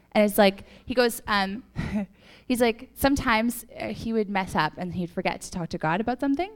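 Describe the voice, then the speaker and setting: A woman's voice: mid-range voice, normal speed. A woman leading a youth group with a casual faith talk, chatty and full of "like" and "right?".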